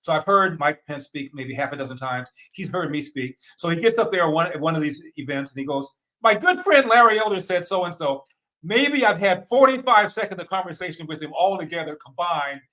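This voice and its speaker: Man, interview guest, fast pace, bright forceful tone, anecdotal storyteller. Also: on the high side, poor audio. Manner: animated anecdotal storyteller with quick asides. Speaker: political candidate as guest. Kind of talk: casual interview chat.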